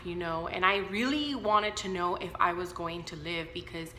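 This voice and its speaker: A woman's voice: on the low side, a little slow, hardly any pauses, pushed and bright, roomy sound, slight background noise. Candid woman vlogging to camera. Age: 30s. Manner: candid, talks straight to viewers with many fillers. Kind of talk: unscripted personal vlog, talking to camera.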